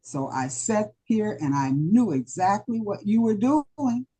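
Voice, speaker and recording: A woman giving a slow, deliberate evaluation of a speech at a club meeting, full of warm praise. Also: mid-range voice, very animated, slightly rough.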